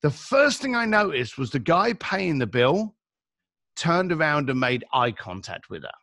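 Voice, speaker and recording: A man's voice: a little high, very animated, unhurried, pushed and bright, dry recording, clean studio sound. A middle-aged man with a London accent, telling a story as a podcast guest and acting out the dialogue. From England.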